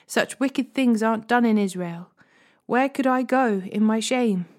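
A woman's voice: fairly high pitch, measured pace, a little mellow, close to an everyday voice. Woman reading as a pleading young princess.

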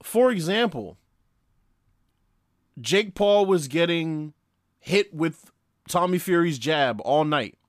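A man's voice: on the high side, animated, takes it slowly, pauses often, dry recording, studio quality. A man in his late twenties hosting a sports podcast, talking casually, brash and profane, chatting straight to his listeners. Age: 20s. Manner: brash, profane and upbeat, addresses listeners directly. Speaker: podcast host.

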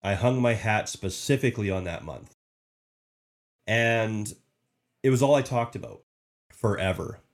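A podcast host and sales leader gives a casual motivational talk in a lowish voice, measured and pausing often. He's emphatic and repetitive, frequently restarting his sentences.

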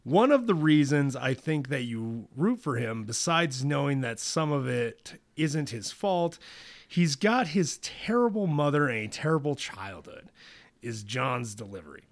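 A man co-hosting a casual podcast chat, excitable and quick to laugh, reading notes aloud between jokes. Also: medium pitch. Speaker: podcast co-host. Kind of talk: casual chat about a cartoon series.

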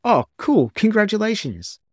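An eager, mischievous young boy, as a male reader puts him on, excited and curious. The voice is pushed noticeably higher than the reader's own. The recording is dry and close. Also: measured pace, dry recording, exaggerated voice.

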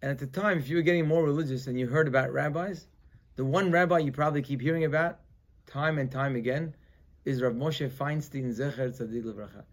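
A rabbi teaching a weekly Torah class tells the story animatedly in a medium-pitched, slightly fast voice. He moves between loud emphasis and quiet asides, dropping Hebrew terms into his English.

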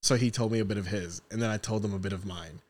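A man's voice: on the low side, steady tone, quick pace. A man co-hosting a casual chat, teasing friends and laughing a lot.

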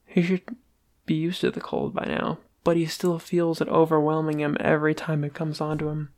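Gravelly amateur story reader. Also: medium pitch, monotone, moderate pace, darkish tone. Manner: stumbling, with restarts. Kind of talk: amateur reading of a fan story.

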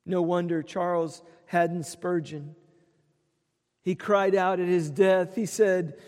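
A man preaching a sermon, earnest, dropping quiet for tender quotes and swelling on lists. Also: sits high, fairly even intonation, slow. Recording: long hall reverb.

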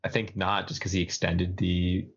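A young man co-hosts a casual news podcast, rambling loosely through his points with plenty of fillers. His voice is very low. The sound is dull and lo-fi. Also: completely flat delivery, moderate pace, breathy edge. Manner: rambling, lots of "like" and restarts. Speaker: podcast co-host.

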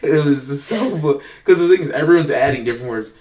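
A man's voice: on the high side, fast talker, darkish tone, slight background noise. A young man telling rambling stories in casual chat, co-hosting a podcast. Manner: rambling, acts out quoted voices. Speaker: podcast co-host. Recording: roomy, distant mic.

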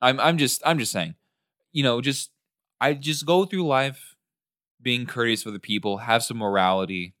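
A man's voice: medium pitch, normal speed, a bit bright, no room sound, clean studio sound. A young man co-hosting a podcast in casual chat, hesitant, with many ums and restarts. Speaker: podcast co-host. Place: in person in a shared room.

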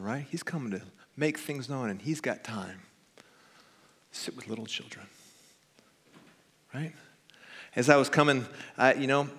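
A man's voice: medium pitch, fairly bright tone, slightly rough. A male pastor giving a conversational sermon that builds to emphatic preaching, often tagging "right?". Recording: reverberant church hall.

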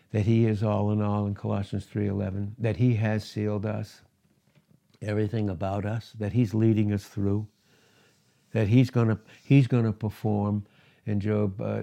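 Preaching man, animated sermon. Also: on the low side, vocal fry. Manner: animated preaching, reads scripture aloud, laughs between points. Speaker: pastor.

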